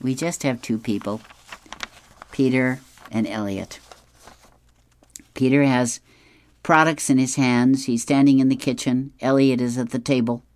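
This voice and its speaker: A reader going through an advice column and the comics aloud, chuckling often in an unhurried way. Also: medium pitch, steady tone, a little mellow, clear, resonant tone.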